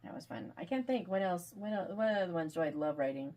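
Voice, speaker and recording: A woman author being interviewed, chatting casually and animatedly, quick to laugh. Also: fairly low pitch, lively intonation, darkish tone. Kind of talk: casual video call chat.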